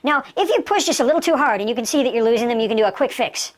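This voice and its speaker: A woman's voice: on the high side, lively intonation, racing. A woman instructor giving an emphatic lesson and acting out sample dialogue. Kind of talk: instructional talk.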